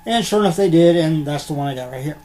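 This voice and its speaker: A man's voice: a little high, expressive, quick pace, mellow. A man chatting in a rambling, casual way as he unboxes collectibles, with lots of ums and the odd curse word. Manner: rambling, filler-heavy, mildly profane. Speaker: unboxing vlogger. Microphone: computer webcam.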